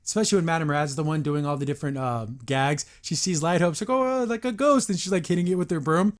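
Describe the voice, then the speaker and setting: Chatty man podcast host, slightly high voice. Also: racing. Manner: chatty and opinionated, often acting out characters' lines in higher voices. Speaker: podcast host reviewing a cartoon episode. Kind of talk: casual review commentary.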